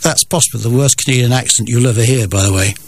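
Older man with a husky voice. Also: medium pitch, fast. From Scottish Borders. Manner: dry, wry humour. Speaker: guest. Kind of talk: storytelling in an interview.

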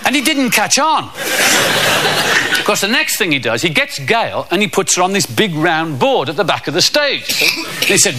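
A man doing a stand-up comedy routine, telling deadpan stories and putting on voices. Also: high voice, unhurried, a loud crowd. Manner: deadpan anecdotal storytelling with character voices. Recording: loud background noise.

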